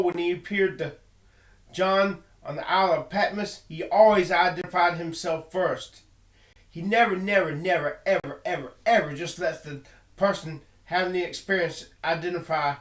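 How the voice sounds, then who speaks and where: A man's voice: high voice, fairly bright tone. Earnest man in an echoey room. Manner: earnest, repeats words and restarts, emphatic. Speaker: video blogger. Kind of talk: personal monologue.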